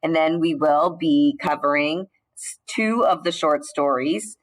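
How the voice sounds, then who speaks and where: A woman teacher giving a recorded slide lecture, explaining in a measured way with the odd filler and restart. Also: deep voice, low-quality recording.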